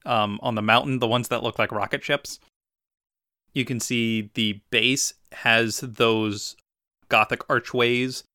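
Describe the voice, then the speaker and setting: A male podcast co-host talks eagerly in casual chat, with a bright, crisp voice. The sound is dry and close to the mic. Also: mid-range voice, no echo. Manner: enthusiastic, descriptive, with fillers.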